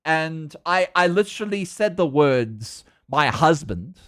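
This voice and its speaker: A young man with a South African accent talks in a casual, excitable way. His voice sits a little high and swings widely in pitch. He stammers and repeats words as he gets carried along. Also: takes it slowly. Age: young adult. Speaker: livestreamer. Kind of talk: casual chat.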